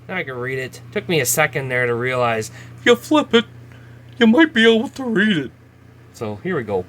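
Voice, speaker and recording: Opening trading card packs, this host chats casually, laughs at himself, and reads the card names out loud. He has a mid-range voice that sounds pushed and bright, with slight hiss or hum in the recording.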